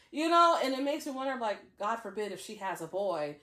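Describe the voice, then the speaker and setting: A woman with a fairly high voice recaps a TV drama in casual chat, animated and quick to act out what the characters say. She sounds like she is in an echoey room. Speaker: podcast co-host.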